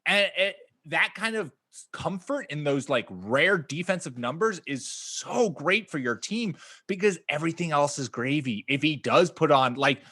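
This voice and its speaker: A man co-hosting a podcast, talking through sports stats in casual chat, animated and profane, laughing often and jumping up in pitch to stress numbers. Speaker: podcast co-host.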